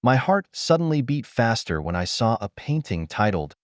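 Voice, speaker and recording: A man narrating a first-person audio story in a steady, even storytelling delivery. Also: medium pitch, moderate pace, no room sound, studio quality.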